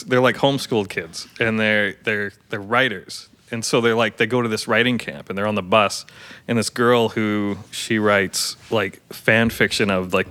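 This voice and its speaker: A man co-hosting a casual podcast chat, playful and quick to laugh. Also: lowish voice, pushed and bright. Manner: laughing, playful, tries silly accents. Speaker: podcast co-host.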